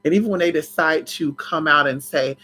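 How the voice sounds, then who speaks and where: Sassy, dramatic vlogger with a bright voice. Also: a little fast. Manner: sassy and dramatic, big swoops in pitch, laughs and shouts. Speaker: spiritual vlogger. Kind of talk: casual livestream chat.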